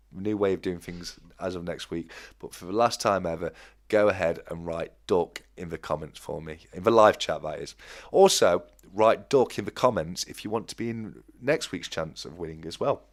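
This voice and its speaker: A man hosting a casual live stream, chatting loosely and reading out and counting viewer comments. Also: sits low. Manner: chatty, restarts phrases, counts comments aloud. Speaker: livestream host.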